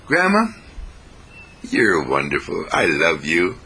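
A man voicing a cheerful, loving little granddaughter in a high, eager voice. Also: wildly swooping pitch, takes it slowly, bright, forceful tone, slight background noise, exaggerated voice. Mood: adoring. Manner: sweet, eager, high-pitched.

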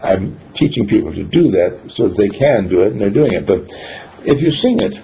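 Gravelly guy rambling thru folksy stories in a spiritual talk, muffled old tape w/ a bit of hiss. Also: on the low side, expressive, moderate pace. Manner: rambling, folksy storytelling with chuckles. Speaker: spiritual teacher. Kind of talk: informal spiritual teaching with anecdotes. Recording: dull lo-fi recording with faint background noise.

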